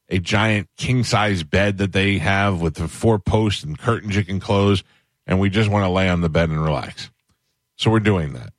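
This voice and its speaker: A man hosting a talk radio show, telling a funny story and mimicking loud people in a raised voice. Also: dry recording. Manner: animated, acts out other people's shouting in a higher voice.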